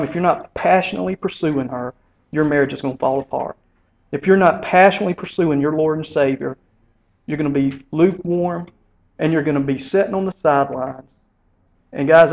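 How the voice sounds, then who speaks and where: A man's voice: a little high, gravelly, a little mellow. A man leading a men's Bible study, speaking earnestly and stumbling over repeated words as he pushes his point. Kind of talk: casual exhortation. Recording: dull lo-fi recording.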